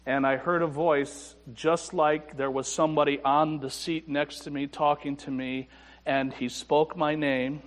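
A man preaching a sermon as a pastor, telling a personal story with dry humor and soft, reflective passages. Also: on the high side, level tone, measured pace. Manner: personal storytelling with self-deprecating humor and hushed reflective moments. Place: church sanctuary. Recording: church sanctuary with long reverb.

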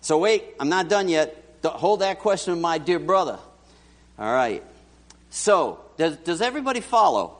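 A man's voice: on the high side, moderate pace. A man preaching a sermon and often putting questions straight to his congregation. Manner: animated, talks directly to the congregation. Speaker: pastor. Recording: church hall reverb.

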